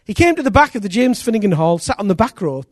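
Fast and sitting high, this man's voice preaches in a dry recording of studio quality. His sermon features conversion stories, told animatedly as he acts out the figures and repeats phrases.

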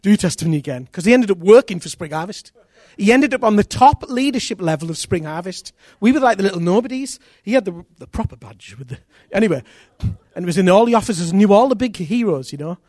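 Here a man with a high-pitched voice talks fast with few pauses, and there's no echo. His sermon is built on conversion stories, which he performs animatedly by acting out the voices and repeating phrases.

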